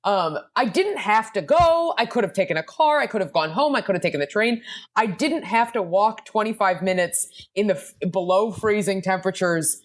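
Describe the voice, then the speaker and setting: A woman's voice: mid-range voice, lively intonation, normal speed. A young woman, a comedian guest on a podcast, telling a rambling, self-deprecating story in casual chat.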